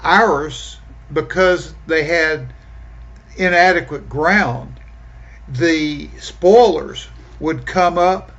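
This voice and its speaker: A man joining a podcast chat, speaking in an emphatic, earnest way. His voice is bright and forceful and sits a bit high. The sound is dull and lo-fi. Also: extremely slow. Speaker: podcast guest. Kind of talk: casual chat.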